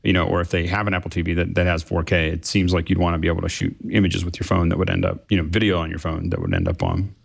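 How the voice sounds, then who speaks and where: A man's voice: sits low, expressive, fast talker, vocal fry, few pauses, slightly rough. A man on a tech podcast panel, rambling and hesitant, with many fillers. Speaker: show panelist. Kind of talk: casual tech chat.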